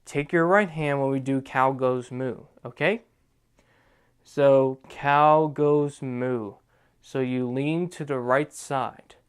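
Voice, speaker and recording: Slow, clear-voiced young man teaching dance. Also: mid-range voice. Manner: repeats "okay?" to check in, counts out moves slowly. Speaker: dance tutorial host. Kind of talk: step-by-step dance instruction.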